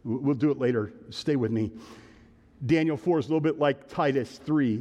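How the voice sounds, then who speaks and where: A male pastor preaching a sermon, animated, calling out to the congregation and urging it to answer back. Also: medium pitch, brisk, long reverb tail.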